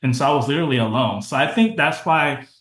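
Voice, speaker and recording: Candid podcast guest in echoey room. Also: male voice, medium pitch, quick pace, a bit bright. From United States. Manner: candid, talks in short restarting phrases with many fillers. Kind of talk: casual interview conversation.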